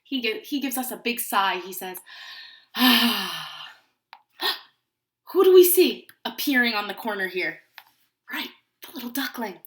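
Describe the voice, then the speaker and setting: A woman pre-K teacher reading a picture book aloud to young children, in an animated way and often asking them questions. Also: a little high, normal speed, roomy sound.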